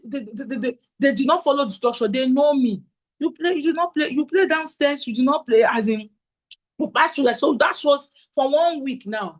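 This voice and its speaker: Animated woman giving a parenting talk. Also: on the high side, rough recording. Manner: animated, acts out quotes, asks audience questions. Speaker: parenting conference speaker. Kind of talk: conference talk with slides.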